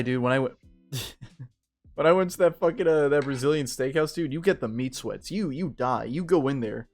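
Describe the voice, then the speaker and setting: Drunk gamer guy, gravelly, swears a lot, loose rambling chat, soft guitar music under him. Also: mid-range voice, normal speed. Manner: rambling, profane, tipsy and joking. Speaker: game streamer. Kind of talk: casual let's-play commentary, reading game text aloud.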